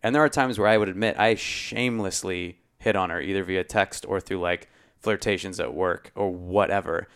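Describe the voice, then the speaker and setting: Man, very low voice, smooth and resonant, blunt, candid podcast co-host. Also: fairly even intonation, moderate pace, a bit bright. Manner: blunt, candid, casually profane. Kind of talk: casual podcast chat.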